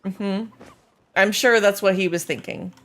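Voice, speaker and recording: A woman's voice: medium pitch, a little slow. Bubbly woman streamer chatting with chat. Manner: bubbly, playful, talking to chat. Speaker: game streamer. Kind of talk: casual live-stream chat.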